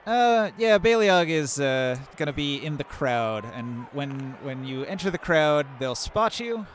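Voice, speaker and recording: A man's voice: a little high, animated, a little slow. A man narrating as game master for a live-streamed tabletop game, setting scenes loosely with fillers. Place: home setup on a live stream. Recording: noticeable background noise.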